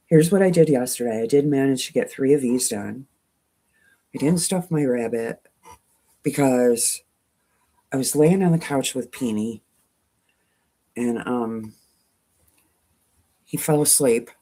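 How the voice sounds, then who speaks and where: A woman's voice: a bass voice, dark tone, breathy edge. A woman with a twangy voice hosting a quilting channel, chatting casually with viewers, self-mocking and laughing often. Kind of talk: casual live chat, reading viewer comments.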